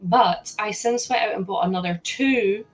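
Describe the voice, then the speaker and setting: A woman's voice: medium pitch, normal speed, soft background music. Bubbly Scottish woman streaming live. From Scotland. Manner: bubbly, laughs often, greets chat excitedly. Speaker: livestream host. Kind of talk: casual livestream chat while building.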